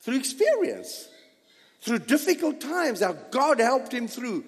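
Guy preaching in church, high voice that swoops all over, lots of hall echo. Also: slow. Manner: animated, exhorting the congregation. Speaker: pastor. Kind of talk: sermon. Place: church sanctuary.

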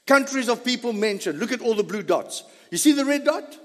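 A man preaching a sermon, animated, with sudden loud bursts and low asides. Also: a little fast. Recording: reverberant hall.

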